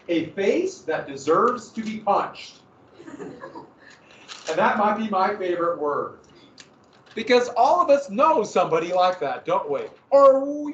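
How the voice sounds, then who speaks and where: Male American history teacher, animated lecture, slightly high voice, echoey classroom, distant muffled mic. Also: slight background noise. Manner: animated, asks questions and answers them.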